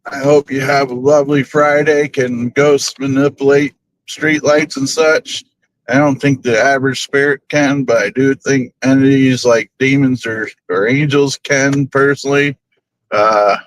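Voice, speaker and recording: Fairly even in intonation and measured in pace, a medium-pitched male voice hosts a paranormal group's live stream from his car en route to work. He chats casually, rambles and chuckles a lot, and the recording is rough.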